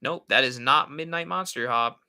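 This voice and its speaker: A man's voice: mid-range voice, normal speed, pushed and bright, clear, resonant tone. A man hosting a casual live stream, rambling and answering viewer comments. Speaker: horror channel host.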